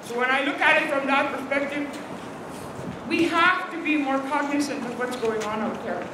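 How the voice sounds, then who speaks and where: Woman, from Alberta, First Nation leader; high voice, emphatic, indignant rally speech, distant off-mic sound. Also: moderate pace. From Alberta, Canada. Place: outdoor rally in cold weather. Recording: echoey, distant, noisy outdoor crowd ambience.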